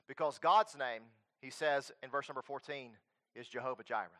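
A male preacher delivering a sermon, swinging between loud emphatic declarations and quiet earnest appeals. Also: mid-range voice, a little fast.

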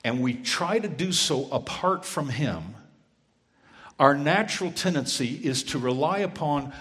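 A pastor telling a personal story in a sermon, acting out the dialogue in earnest. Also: male voice, medium pitch, fairly bright tone, long reverb tail.

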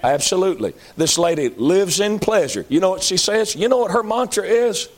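A man preaching a sermon, moving between loud high-pitched calls and low pleading appeals. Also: expressive, moderate pace.

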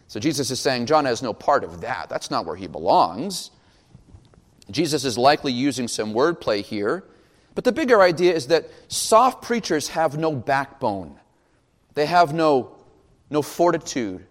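Male pastor, sermon delivery, animated and expressive, fairly high voice, long church reverb. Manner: animated, acts out questions in quoted voices. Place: church sanctuary.

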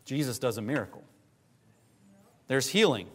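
A man preaching a sermon, rising to impassioned pleas and dropping to quiet, low emphasis. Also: expressive, moderate pace. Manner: rises to impassioned pleading, then drops low. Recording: long hall reverb.

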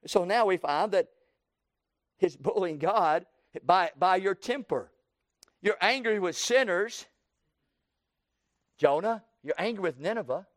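A man preaching a sermon, building to loud emphatic runs and dropping low, with folksy plain phrasing. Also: animated, slow pace, long pauses, no echo, clean studio sound. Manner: preaching with swelling emphasis and sudden drops.

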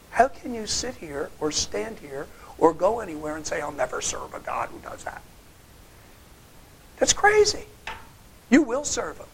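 Emphatic higher-voiced male preacher. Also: slight background noise. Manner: emphatic, with sharp rhetorical questions; swings between loud challenge and quiet low asides. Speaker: pastor. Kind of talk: sermon.

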